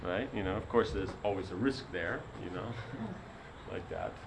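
A man's voice: sits low, normal speed, noisy background. A man giving a sermon as a spiritual teacher, telling a story in a rambling way full of "you know".

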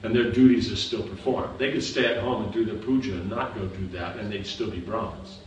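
A man with a fairly low voice teaches a scripture class, patiently explaining and often asking whether his students follow. He is heard from a distance in a very echoey room, with a little background noise. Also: fairly quick. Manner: patient, explaining with repeated checks for understanding. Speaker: spiritual teacher.

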